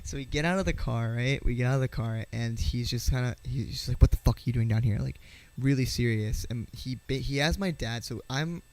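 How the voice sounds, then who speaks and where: A man recounting a scary night in a loose, rambling vlog style. His voice has a gravelly, creaky edge at a middling pitch. He stumbles through restarts and fillers and swears freely as he gets worked up. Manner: halting, full of fillers and restarts; swearing, excitable. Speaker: vlogger. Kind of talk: casual storytelling.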